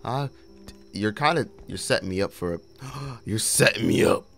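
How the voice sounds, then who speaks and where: A young man with a low, gravelly voice and a bright, forceful edge, cracking jokes and cursing as he plays a game. His commentary is loose and playful, and he slips into freestyle rapping. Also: lively intonation, moderate pace, soft background music. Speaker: gaming channel host. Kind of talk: joking gameplay commentary.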